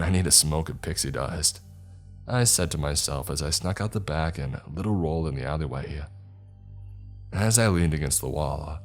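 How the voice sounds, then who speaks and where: A man narrating a scripted horror-comedy story in a dry, sardonic way. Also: rumbling low.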